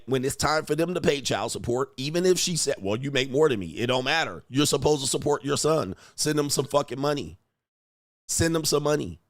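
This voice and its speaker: A man's voice: mid-range voice, no echo. Man, livestream host, blunt profane rant, mocking, dry close sound. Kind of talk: profane ranting commentary.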